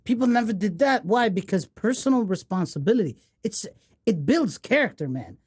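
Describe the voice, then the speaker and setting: A woman comedian, raised in the Gulf, co-hosts a loose podcast chat. Her voice sits at an ordinary mid pitch. She rambles, circles back and restarts her sentences, full of fillers. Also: expressive, normal speed, darkish tone, breathy edge. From United Arab Emirates.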